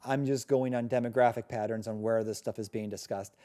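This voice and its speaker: A man hosting a live discussion, talking in a thoughtful, rambling way that trails off quietly. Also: medium pitch, steady tone, brisk. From Massachusetts, USA. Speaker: host.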